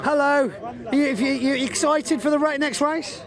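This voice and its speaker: A man's voice: very high-pitched, fairly even intonation, a crowd in the background. A man presenting live while walking around an outdoor race circuit, chatting and joking with guests. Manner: chatty, jokey, quick asides. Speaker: trackside presenter.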